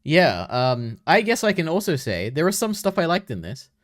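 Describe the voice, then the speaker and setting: A man's voice: on the high side, very animated, moderate pace, no room sound, clean studio sound. A man co-hosting a casual movie chat, talking hesitantly with lots of fillers and trailing hedges. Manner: hesitant, many fillers and restarts. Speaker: podcast co-host.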